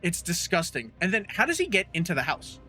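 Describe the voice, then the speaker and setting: High, bright-voiced man ranting. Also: wildly swooping pitch, brisk, soft background music. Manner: rambling, profane, incredulous ranting. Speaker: podcast co-host. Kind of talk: casual podcast chat.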